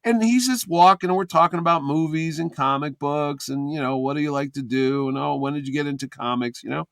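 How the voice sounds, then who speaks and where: A man telling a lively convention story in casual chat, acting out what others said. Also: a little high, fairly quick, vocal fry, dry recording, studio quality. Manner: animated anecdote teller, acts out quoted voices.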